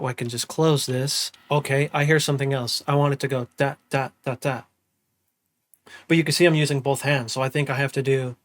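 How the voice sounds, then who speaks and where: Laid-back man teaching music production. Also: mid-range voice. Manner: relaxed, hums and sings drum parts aloud. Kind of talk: casual screen-recorded tutorial.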